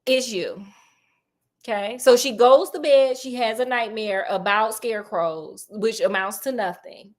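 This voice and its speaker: A woman casually retelling a book to a friend, animated, with joking asides. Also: fairly high pitch, moderate pace, few pauses. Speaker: storyteller.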